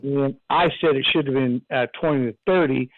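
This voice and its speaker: A man's voice: mid-range voice, brisk, dry recording. A man calling in to a talk radio show, speaking in an earnest, talkative way. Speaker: caller. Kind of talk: phone-in talk radio call. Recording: tinny phone line.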